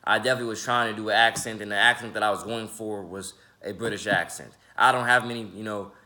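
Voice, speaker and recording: In his twenties, this independent rapper and YouTuber speaks loosely to viewers on camera in a deep voice with a bright, forward edge. His intonation stays fairly even and his pace is quick, while he rambles, trips over words, repeats himself and fills gaps with ums.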